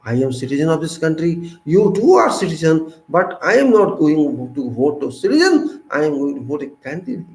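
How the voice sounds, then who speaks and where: A man in his fifties with an Indian English accent, giving an impassioned monologue full of rhetorical questions, swinging between loud and soft. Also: on the high side, very animated, moderate pace, few pauses, echoey room, low-quality recording. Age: 50s. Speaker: civic commentator.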